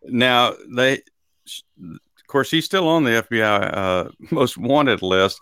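A man's voice: medium pitch, animated, takes it slowly, pushed and bright, clear, resonant tone, no echo. A man co-hosting a casual podcast, folksy and chuckling, with plenty of fillers and hesitations. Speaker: podcast co-host. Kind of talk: casual chat.

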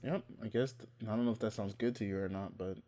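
A man's voice: on the low side, steady tone, fast talker, loud music behind the voice. Joking young man in casual chat. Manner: joking, laughs often, trails off. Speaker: podcast co-host.

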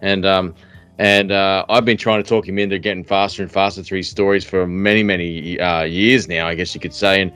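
A man's voice: sits low, flat delivery, a little fast, fairly bright tone, clean tone, soft background music. A man hosting a casual podcast interview, chatty and joking, with mock-formal introductions. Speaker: podcast host.

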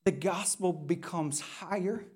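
A woman's voice: on the low side, measured pace, darkish tone, slightly rough. A woman pastor from the United States preaching a sermon in a conversational style, often checking in with "right?".

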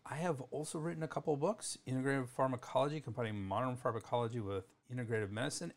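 A man's voice: mid-range voice, steady tone, quick pace. Male podcast host, middle-aged, casual chatty delivery with frequent self-corrections. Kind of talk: solo educational podcast.

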